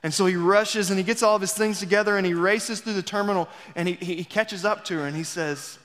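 A man preaching a sermon in a church, telling a story dramatically and swinging between loud rises and hushed, quiet passages. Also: high voice, fairly even intonation, fairly quick, hardly any pauses. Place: church sanctuary. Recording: long reverb of a church hall.

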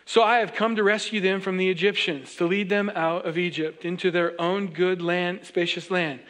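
High-voiced guy preaching in church, reads scripture then jokes around doing the characters. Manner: animated and joking, reads scripture aloud and acts out characters in quick asides. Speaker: pastor. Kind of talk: sermon. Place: church sanctuary.

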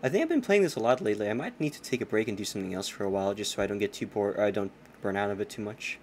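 A man's voice: on the low side, expressive, rapid-fire, darkish tone, slight background noise. A man streaming a game, chatting casually with swearing and self-mocking asides. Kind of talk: casual gameplay commentary.

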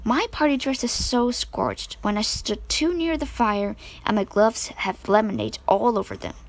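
A woman voicing a lively, blunt young sister in a storybook reading. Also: fairly high pitch, moderate pace, rough recording.

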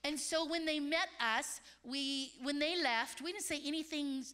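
High bright-voiced woman preaching. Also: a little slow. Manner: animated storyteller, acts out quoted voices. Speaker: conference speaker. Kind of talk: sermon with storytelling. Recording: large hall reverb.

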